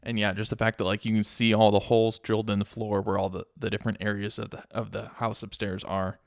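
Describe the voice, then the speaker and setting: A man co-hosting a casual movie podcast, relaxed, filling in story details with hesitant restarts. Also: on the low side, fast, vocal fry, dry recording, clean studio sound. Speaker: podcast co-host. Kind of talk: casual movie review chat.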